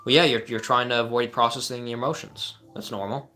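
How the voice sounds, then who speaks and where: A man's voice: medium pitch, steady tone, a little fast, sharp tone. A man working as a life coach, talking casually and earnestly on a live advice stream as he answers chat questions, often saying "like" and restarting his sentences.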